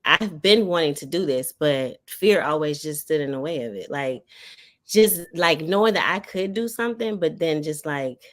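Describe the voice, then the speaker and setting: A woman from Maryland with a raspy voice, chatting as a podcast guest and reflecting on her story with plenty of fillers. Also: sits low, animated, moderate pace. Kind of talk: casual podcast chat.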